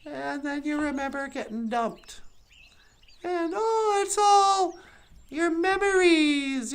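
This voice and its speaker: A performer voicing a chatty, excitable cartoon woman who rambles and giggles as she muses aloud, birds singing around her. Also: high-pitched, gravelly. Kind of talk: puppet show monologue.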